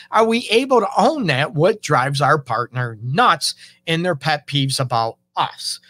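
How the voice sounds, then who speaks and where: A man's voice: fairly high pitch, lively intonation, a little slow, sharp tone, dry recording. A man giving a casual monologue about relationships, conversational, often acting out quoted partners.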